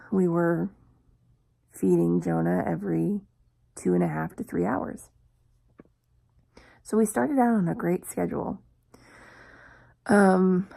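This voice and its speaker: Slow, gravelly-voiced woman sharing a personal story. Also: lowish voice, dark tone. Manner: slow, reflective storytelling with long pauses. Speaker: vlogger. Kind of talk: personal confessional vlog.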